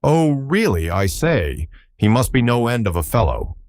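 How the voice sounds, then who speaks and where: A man's voice: medium pitch, sing-song, unhurried, a little mellow, no echo, studio quality, voice pushed up. A man voicing a nervous, apologetic upper-class young man who stammers and bumbles through his words. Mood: bumbling.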